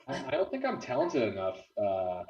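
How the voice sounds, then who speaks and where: A man's voice: medium pitch, huge pitch swings, moderate pace, a little mellow, recorded from a distance, highs cut off. A man playing a voice-command game, chatting casually and repeating short spoken commands over and over. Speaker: player testing a voice-command game. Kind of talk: casual chat while playing.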